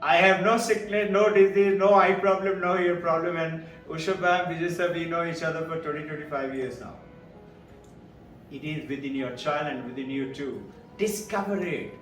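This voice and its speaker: A man's voice: fairly high pitch, moderate pace. A man in his seventies from India with an Indian English accent, telling stories to a live audience as a spiritual speaker, acting out the voices of others and chuckling as he goes. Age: 70s. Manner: animated, acts out quoted voices, chuckles. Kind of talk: storytelling talk to a live audience. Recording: echoey hall, distant mic, faint music.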